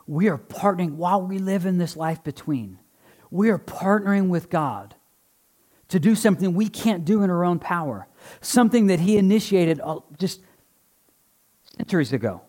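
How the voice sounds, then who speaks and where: Here a pastor's high, darkish male voice carries an animated, moderately paced sermon to a church congregation. He stays earnest and conversational, tossing in occasional jokes while running a live object lesson.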